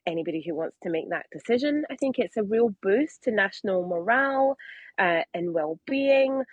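Husky woman making her case on radio. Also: mid-range voice, dry recording. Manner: fluent, argumentative, with fillers. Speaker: guest commentator. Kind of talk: radio interview.

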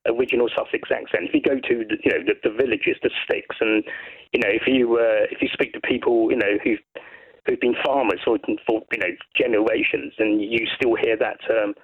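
A man's voice: mid-range voice, husky. A man calling in to a radio phone-in, chatting casually and rambling with lots of fillers and restarts over a phone line. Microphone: telephone.

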